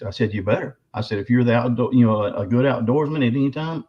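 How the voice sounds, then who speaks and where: A man's voice: medium pitch, fast. A man, a guest telling stories in a rambling, emphatic way with many restarts, his voice slightly quivering with emotion. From Arkansas. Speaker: guest author and Bigfoot researcher. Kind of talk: casual interview storytelling. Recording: slightly dull lo-fi audio.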